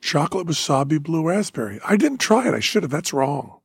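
A man's voice: fairly high pitch, big pitch swings, a little fast, creaky, breathy edge, no room sound, clean studio sound. An older man hosting a casual chat, rambling and teasing his daughter. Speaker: podcast host.

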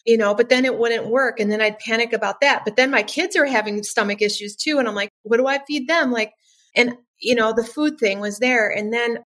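A woman's voice: on the high side, steady tone, brisk, a bit bright. Earnest woman telling her story. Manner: earnest storytelling, acts out her own past thoughts. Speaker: podcast guest, nervous system coach. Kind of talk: casual interview chat.

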